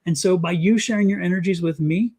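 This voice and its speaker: A middle-aged man, a psychic guest, giving an emphatic, animated reading and advice on a talk show. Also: high-pitched, quick pace. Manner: animated, emphatic, repeats commands.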